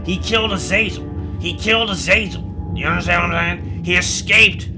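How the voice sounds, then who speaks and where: A man voicing a crude male demon trapped in a jar who talks loudly and swears a lot. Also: sits high, a little fast, music in the background, pitched above the performer's own voice, lightly acted. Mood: pleading. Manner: loud, swearing, urgent warnings.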